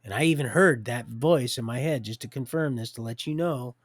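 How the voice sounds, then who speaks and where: A man's voice: medium pitch, a little fast, no echo. A man livestreaming a rambling personal monologue with frequent restarts and religious asides.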